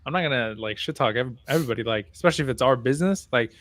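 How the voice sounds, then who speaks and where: A man's voice: medium pitch, lively intonation, racing, fairly bright tone, no echo. A young man co-hosting a podcast, telling a story in a casual, laid-back way, swearing freely and laughing along. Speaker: podcast co-host.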